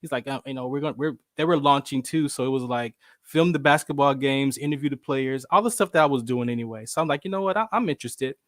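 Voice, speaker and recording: A man telling stories in a casual interview, lively and acting out the voices of the people he quotes. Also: medium pitch, quick pace, hardly any pauses, no room sound, clean studio sound. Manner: animated, acts out quoted voices. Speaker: show host, veteran.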